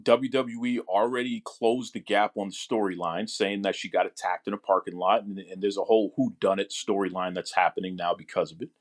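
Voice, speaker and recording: A man's voice: fairly low pitch, fairly even intonation, brisk, few pauses. A man hosting a wrestling podcast, talking eagerly as a fan and often restarting his words. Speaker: podcast host. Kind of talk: casual podcast chat.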